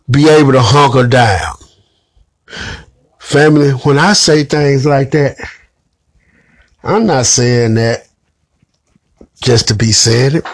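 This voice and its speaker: A man's voice: medium pitch, no echo. A man giving an emphatic, preachy commentary monologue straight to his audience. He calls his listeners family and swears bluntly. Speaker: online commentator.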